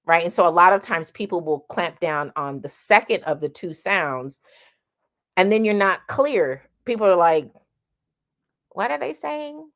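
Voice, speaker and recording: A woman's voice: lowish voice, expressive, moderate pace. A woman teaching a singing lesson, explaining vowel sounds and singing short vowel demonstrations between her explanations.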